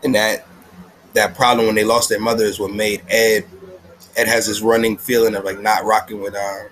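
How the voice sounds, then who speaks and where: Low voice guy doing a chill anime review at home, slangy, rambly, lots of laughs, faint noise. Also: flat delivery, normal speed, fairly bright tone, low-quality recording. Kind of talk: casual episode review.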